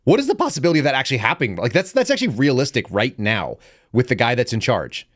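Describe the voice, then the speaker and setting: Brief: male show host, very quick and animated delivery, joking and rambling, close dry mic. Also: medium pitch, no echo. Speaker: podcast host. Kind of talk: casual political commentary.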